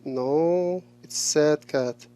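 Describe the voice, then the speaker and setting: A male English teacher talking through a lesson, slowly repeating each answer and praising the replies. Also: fairly high pitch, dark tone, smooth. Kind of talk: recorded classroom lesson.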